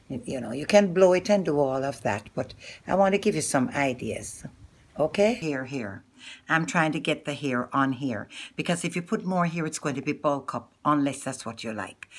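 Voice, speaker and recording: Low-voiced Jamaican woman teaching wig-making. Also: slight background noise. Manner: chatty, instructive, talks straight to the viewer. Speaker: hair vlogger. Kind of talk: casual wig-making tutorial.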